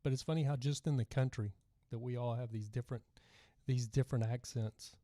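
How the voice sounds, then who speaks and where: A man's voice: medium pitch, fairly even intonation, fairly quick, warm tone, no echo, studio quality. A middle-aged man with a light Texas twang, hosting a casual livestream podcast and rambling as he reads out viewer comments. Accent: Texan. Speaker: podcast host.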